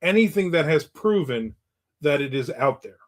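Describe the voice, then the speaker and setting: A man's voice: a little high, expressive, moderate pace. A man in his fifties who hosts a livestream, chatting casually and sarcastically while answering viewer comments, often laughing. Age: 50s. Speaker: livestream host.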